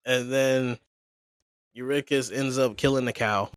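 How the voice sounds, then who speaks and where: Guy on a podcast retelling a story all animated, slangy voices for the characters, dry close sound. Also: medium pitch, unhurried, clear, resonant tone, no echo. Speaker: podcast co-host. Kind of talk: casual chat, retelling a story.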